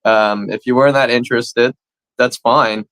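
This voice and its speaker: A Canadian man in casual podcast chat, blunt and quick to swear. His voice sits at an ordinary middle pitch. The sound is close and dry, with no room around it. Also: fairly even intonation, fairly bright tone, no echo, rough recording. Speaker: comedy podcast co-host.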